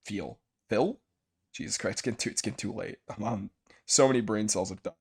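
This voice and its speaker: A man's voice: on the low side, fast talker, vocal fry, slightly rough. Profane jokey male streamer reading game text. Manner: profane, jokey, reads narration aloud. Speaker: streamer playing a visual novel. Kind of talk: casual let's play, reading game text aloud.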